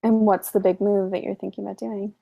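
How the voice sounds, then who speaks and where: A woman's voice: medium pitch, level tone, fairly quick, vocal fry, mellow. A woman contestant questioning an ally in casual chat, pleading and filler-heavy. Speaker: online game contestant.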